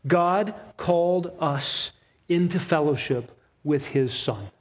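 A man preaching an expository sermon, emphatic, with rhythmic repetition and slow, stressed phrases. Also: a little high, slightly rough.

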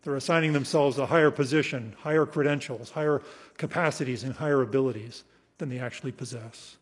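A man preaching an expository sermon in a slightly husky voice. He leans hard on key words, slows right down for scripture readings and lets his phrases fade away. The sound carries a long reverb, as if from a large hall. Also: mid-range voice. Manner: emphatic, slows for scripture, trails off softly at phrase ends.

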